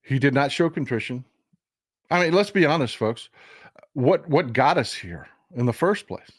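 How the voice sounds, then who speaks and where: A man's voice: medium pitch, lively intonation, moderate pace, no echo, clean studio sound. A man hosting a livestream of casual political commentary, emphatic and full of repeats and restarts, talking straight to his viewers. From Texas. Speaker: livestream host.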